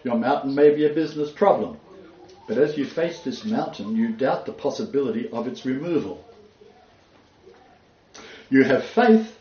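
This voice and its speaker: Rambling preacher in a roomy hall. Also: male voice, medium pitch, dark tone. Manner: rambling, halting, chuckling asides. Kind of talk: informal sermon with anecdotes. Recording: roomy, dull church recording.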